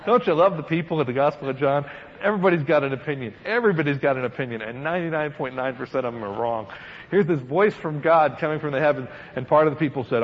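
A man preaching verse by verse through a Bible passage, reading scripture aloud and then commenting with lively asides and chuckles. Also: on the high side, fairly quick. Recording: dull lo-fi sound with faint background noise.

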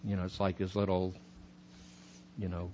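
A man's voice: deep voice, completely flat delivery, normal speed, mellow, muffled recording, slight background noise. A man teaching a sermon on scripture in a chatty, conversational way, with many fillers. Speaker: preacher.

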